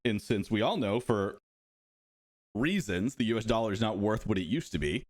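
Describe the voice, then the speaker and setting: Chatty and playful, a thirtysomething livestream host for a game studio welcomes viewers by name and keeps rambling off on asides. He has a lowish, darkish voice with lively intonation and talks at normal speed.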